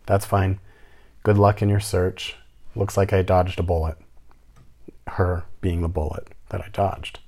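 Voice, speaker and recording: A man's voice: low voice, little pitch movement, unhurried, long pauses, darkish tone. A young man telling a story about a rental applicant, full of sarcastic, mocking asides. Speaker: landlord telling a tenant story. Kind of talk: casual storytelling rant.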